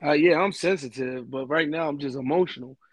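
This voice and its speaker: A man's voice: on the high side, brisk, no room sound. A young man talking on a podcast, earnest and emphatic, often repeating himself. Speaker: podcast host. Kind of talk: casual podcast talk.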